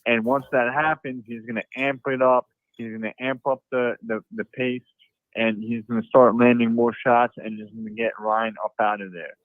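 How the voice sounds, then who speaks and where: A man calling into a show by phone, giving his view in a halting way with many restarts. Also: medium pitch, little pitch movement, no room sound. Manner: halting, repeats words, many fillers. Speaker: caller. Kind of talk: phone call-in opinion. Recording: tinny phone line.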